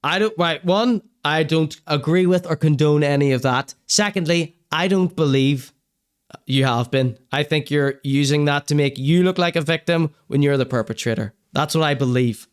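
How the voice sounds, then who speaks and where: A man's voice: fairly high pitch, moderate pace, clean tone. A man hosting a livestream, sarcastically commenting on videos he plays for his audience. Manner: sarcastic, mocking, swearing. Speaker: show host reacting to videos.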